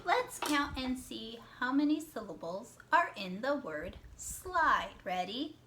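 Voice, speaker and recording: Teaching young kids to read, this woman stretches words out to count their syllables, talks at a slow pace, and cheers on correct answers, occasionally whispering. Her pitch is fairly high, her delivery sing-song, and her tone sharp.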